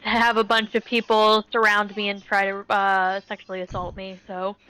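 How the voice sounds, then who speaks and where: A woman's voice: medium pitch, completely flat delivery, moderate pace, sharp tone, clean tone, poor audio. A young woman chatting candidly with fellow tabletop game players, mocking herself. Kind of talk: casual chat between players.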